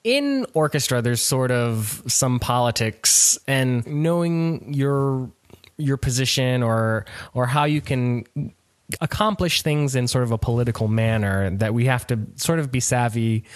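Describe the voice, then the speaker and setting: A man's voice: mid-range voice, no echo. Man, podcast host, rambling casual talk, dry close mic. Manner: rambling, self-interrupting. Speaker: orchestral string player, section principal. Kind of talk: casual chat.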